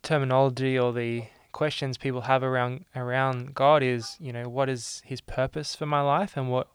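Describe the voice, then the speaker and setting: Male host, smooth resonant voice, dry close sound, halting and thoughtful. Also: medium pitch, flat delivery, no echo. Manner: thoughtful, halting, many restarts. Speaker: podcast host. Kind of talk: casual interview.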